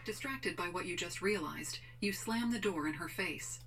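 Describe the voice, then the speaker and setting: A woman narrating in the second person in a flat, even read. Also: on the low side, normal speed, far from the mic, a little hiss or hum.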